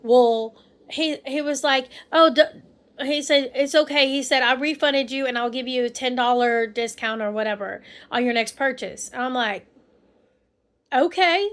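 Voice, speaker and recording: A woman's voice: sits high, fairly even intonation, normal speed, few pauses, a bit bright. A young woman, rambling through a casual story as a vlogger and restarting her sentences often. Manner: rambling, restarts, quotes people with mock voices.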